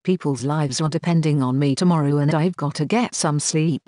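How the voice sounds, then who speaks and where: A man's voice: a little high, moderate pace, dark tone, close to an everyday voice. A testy surgeon man roused from sleep, guarded and clipped in every reply, as an audiobook narrator plays him. The sound is dry and close, with no room echo.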